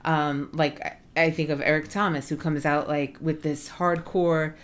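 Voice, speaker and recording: A woman's voice: sits low, little pitch movement, normal speed. A woman in casual conversation, talking earnestly with lots of "like" and "you know". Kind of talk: casual podcast chat.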